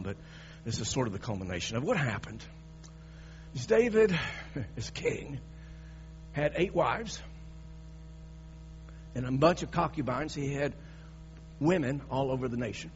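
A man preaching a sermon in an emphatic, dramatic way, often restarting his sentences. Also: medium pitch. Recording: dull recording with mains hum.

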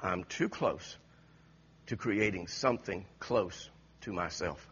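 A man voicing God, sober and husky. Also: low voice, slow, fairly bright tone, muffled recording, voice pushed down, exaggerated voice. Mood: emphatic. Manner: sober and emphatic. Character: proud, tender creator God, male, unhurried.

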